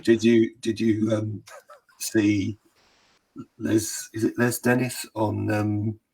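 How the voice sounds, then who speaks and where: Husky low-voiced hesitant man. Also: level tone, darkish tone. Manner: hesitant, halting, restarts often. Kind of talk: casual chat. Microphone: online video call.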